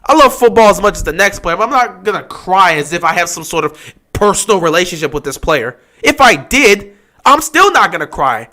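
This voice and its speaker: A man's voice: sits high, big pitch swings, fairly quick, bright, forceful tone. A man hosting a casual live stream, talking over a football game and mocking upset fans with whiny impressions.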